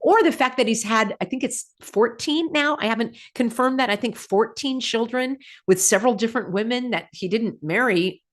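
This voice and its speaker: A woman in a medium pitch talks straight to her viewers in a casual commentary vlog. She is sarcastic and keeps throwing out rhetorical questions with little laughs. Her voice jumps up when she mocks something. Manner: animated, pitch jumping up on mocking remarks. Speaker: channel host.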